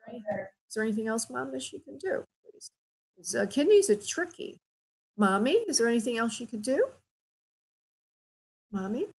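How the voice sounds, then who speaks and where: A woman spirit medium hosting a call-in radio show, giving gentle, affectionate readings and calling her callers honey and sweetheart. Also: mid-range voice, rough recording.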